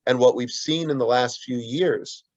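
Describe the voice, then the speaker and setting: An earnest man speaking at a middle pitch, explaining his view in long answers full of restarts and side remarks. The recording is dry and a little dull, with no room sound around him. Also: a little slow, a little mellow, no room sound. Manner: earnest, with frequent restarts and asides. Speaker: guest author. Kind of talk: earnest conversational interview answer.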